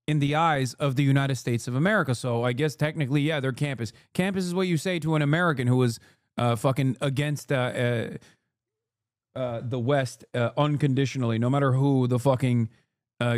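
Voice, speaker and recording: A man's voice: medium pitch, darkish tone, dry recording, clean studio sound. A man in his thirties doing live-stream political commentary, profane and combative, firing back at chat. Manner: profane, combative, rapid asides.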